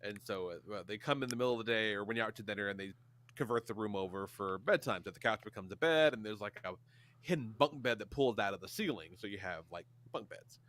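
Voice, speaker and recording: A man in his thirties co-hosts a podcast, talking quickly in a lowish voice with a little hiss or hum in the background. In this casual chat he tells animated stories, acts out the quotes, and swears a lot.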